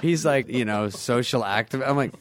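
A man tells stories in a loose, casual chat. He laughs often and acts out the people he quotes, at a middling pitch. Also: brisk. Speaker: guest comedian.

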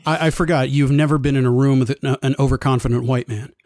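A man's voice: medium pitch, steady tone, fast, a little mellow, no room sound. A man with a mid-range voice talks films in a casual discussion. He builds long winding analytical sentences, restarting as he goes. The recording is dry.

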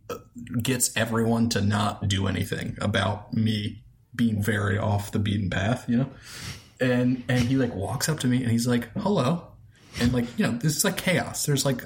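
A man in his thirties, a film director guest on a podcast, telling a story in a loose, animated way full of "like" fillers. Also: medium pitch.

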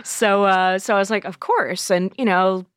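A woman's voice: mid-range voice, steady tone, normal speed, clean tone, no echo, clean studio sound. A young adult woman from Massachusetts, telling her story in a casual interview, with lots of "you know" and "um". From Massachusetts, USA. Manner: chatty, full of fillers like "you know" and "um". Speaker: interview guest, wine buyer.

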